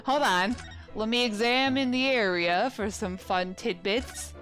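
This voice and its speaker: Young woman, let's play commentary, playful asides, slightly high voice, game music behind. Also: measured pace, fairly bright tone. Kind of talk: casual gameplay commentary.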